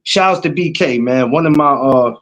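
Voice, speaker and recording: A man's voice: mid-range voice, moderate pace, a bit bright, muffled recording. A man from New York with a New York accent, chatting casually as a guest and telling stories in loose street slang. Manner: laid-back street slang, storytelling with repeated asides. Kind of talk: casual chat.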